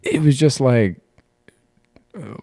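A man's voice: mid-range voice, slow, creaky, warm tone, dry recording, studio quality. A man co-hosting a podcast, telling a long personal story in casual chat, rambling and swearing freely. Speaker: podcast co-host.

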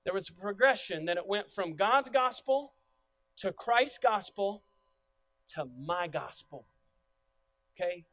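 A man's voice: high voice, animated, measured pace, pauses often, fairly bright tone. A middle-aged male pastor preaching a sermon in a church, emphatic, repeating key phrases and asking the congregation to say them back. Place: church sanctuary.

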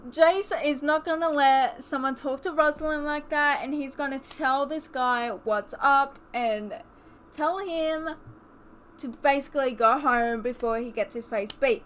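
A young woman chatting excitedly while commentating a life-sim game, gasping and exclaiming often. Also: high voice, measured pace, a little hiss or hum. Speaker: let's play host. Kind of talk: casual gameplay commentary.

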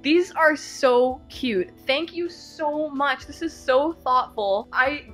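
A woman's voice: high voice, takes it slowly, fairly bright tone, soft background music. A woman in a casual unboxing vlog, gushing with gasps and exclamations as she opens fan mail. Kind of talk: excited unboxing chat.

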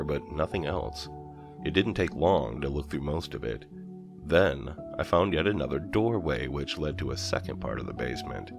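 Man, horror story narrator, gravelly, lively intonation, measured telling. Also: extremely low pitch. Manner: measured, first-person storytelling. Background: soft background music.

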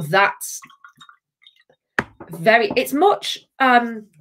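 A woman hosting a live tasting stream, chatting casually, bubbly and reading out viewer comments. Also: medium pitch. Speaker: livestream host.

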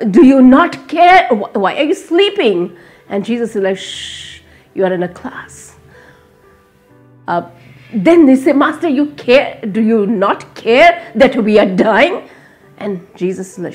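Earnest woman giving a devotional message. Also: mid-range voice. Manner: earnest, repetitive emphatic phrasing with frequent fillers. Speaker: Bible motivational speaker. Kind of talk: devotional sermon.

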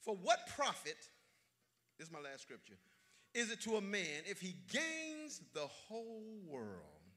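A man preaching a sermon as pastor, repeating phrases for emphasis and swinging from shouts down to near-whispers in a church sanctuary. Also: high voice, huge pitch swings, measured pace. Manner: repeats phrases for emphasis, half-sings lines.

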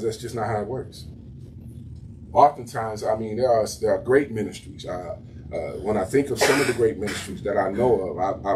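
A man's voice: on the low side, darkish tone, distant mic, a little hiss or hum. A man pastor preaching in a conversational way to his congregation in a small church room, repeating words as he builds his point. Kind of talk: sermon.

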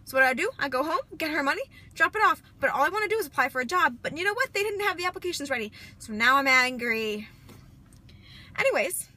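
A woman's voice: extremely high pitch, lively intonation, rapid-fire, hardly any pauses, bright, forceful tone. A young woman chatting through a casual vlog, rambling and dramatic. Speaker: vlogger.

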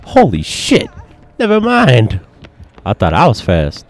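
A man giving casual gameplay commentary, excitable, profane and joking, with sudden yelps. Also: medium pitch, takes it slowly. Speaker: gaming commentator.

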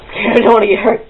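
A man rambling excitedly to his viewers in a casual vlog from his bedroom, on the camera's own mic. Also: sits high, slightly rough. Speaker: vlogger. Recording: slightly dull, lo-fi camera audio.

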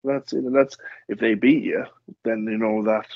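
A man's voice: lowish voice, normal speed, no room sound. A man, a wrestler guest on a podcast, telling rambling stories in casual chat and acting out the quotes. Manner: rambling, animated storytelling with acted-out quotes. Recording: dull lo-fi sound.

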